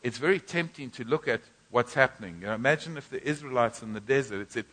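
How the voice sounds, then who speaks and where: A man's voice: medium pitch, animated, fast, fairly bright tone. A man preaching a sermon in a church, emphatic and repetitive, often restarting phrases.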